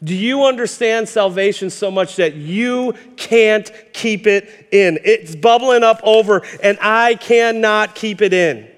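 A man with a notably high voice delivers an impassioned sermon, telling stories and repeating words as he builds momentum. His voice rings with the long reverb of a church sanctuary. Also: unhurried, few pauses. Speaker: pastor. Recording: hall reverb.

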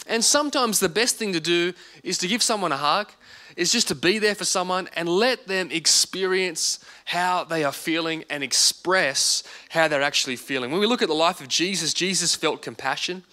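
A man's voice: high-pitched, moderate pace, pushed and bright. A man in his thirties preaching a sermon as pastor, earnest and repeating words for emphasis.

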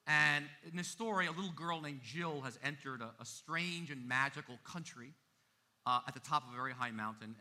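A man preaching a sermon as pastor, emphatic, with big swings in loudness. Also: a little high.

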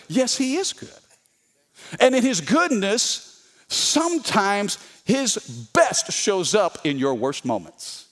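A middle-aged male pastor preaching an energetic sermon, calling on the congregation to respond. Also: high-pitched, slow. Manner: animated, call-and-response with congregation.

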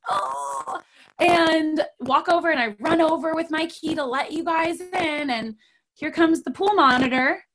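Middle-aged female podcast host, animated casual storyteller, bright higher voice. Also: measured pace, a little hiss or hum, low-quality recording. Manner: animated, acts out quoted voices.

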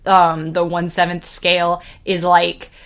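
A woman's voice: on the low side, completely flat delivery, unhurried, a bit bright. A woman in her twenties hosting a casual solo podcast, rambling and swearing freely and laughing at her own jokes. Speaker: podcast host.

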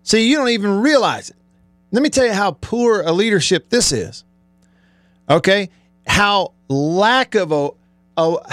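A man's voice: high-pitched, fairly bright tone, dry recording. Male sports radio host, middle-aged, fired-up sarcastic rant, dry close sound. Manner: heated, sarcastic ranting with rising emphasis. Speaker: sports talk show host. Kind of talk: live-streamed sports talk monologue.

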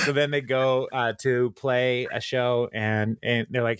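A man chats casually through a recap of a TV episode, stopping for ums and short laughs as he goes. His voice sits in a middle pitch. The sound is dry and close. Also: fairly bright tone, clear, resonant tone, no echo. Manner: rambling retelling with many ums and quick laughs. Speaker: podcast host recapping a TV episode. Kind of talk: casual chat.

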